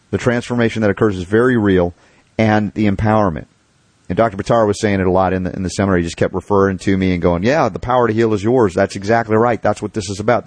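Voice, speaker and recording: A man's voice: on the low side, a little mellow, dry recording. Enthusiastic male radio talk show host. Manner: enthusiastic, emphatic.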